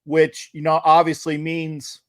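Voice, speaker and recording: A man hosting a casual interview, telling a story in an animated way over a video call. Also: a little high, unhurried, dry recording, studio quality. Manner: animated storyteller, acts out quotes excitedly. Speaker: podcast host.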